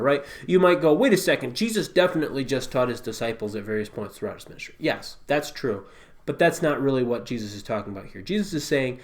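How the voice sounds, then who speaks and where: A man's voice: a little high, expressive, a little fast, a little mellow. A man giving a casual, conversational Bible teaching, emphatic and full of rhetorical asides.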